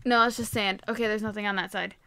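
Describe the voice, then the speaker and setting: A young woman playing a game and commentating, excitable and quick to gasp and shriek. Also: medium pitch, vocal fry, a little hiss or hum. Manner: excitable, gasps and shrieks often. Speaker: gaming YouTuber. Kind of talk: Minecraft let's-play commentary.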